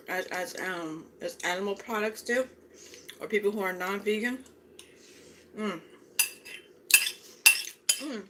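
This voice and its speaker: A woman's voice: mid-range voice, background noise. A woman vlogger chatting casually as she eats breakfast at home, often humming "mm" between her words. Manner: chatty, savoring food aloud with frequent mm sounds. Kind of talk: casual chat while eating.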